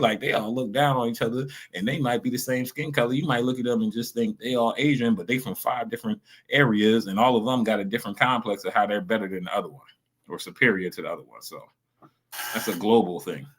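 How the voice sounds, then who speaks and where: A man's voice: lowish voice, a bit bright. A man streaming casual reaction commentary, rambling in loose slang with lots of fillers.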